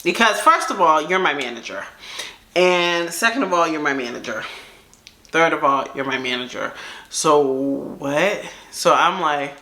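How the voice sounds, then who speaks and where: Young woman rambling thru a storytime, slangy and animated, bright voice. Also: sits low, a little slow. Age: young adult. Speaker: storytime vlogger. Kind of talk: casual storytime chat. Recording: echoey room.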